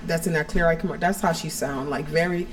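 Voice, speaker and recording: A woman's voice: sits low, fast talker, slight background noise. A woman co-hosting a podcast from home, telling a personal story in a frank, rambling way full of "like" and "you know". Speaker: podcast co-host.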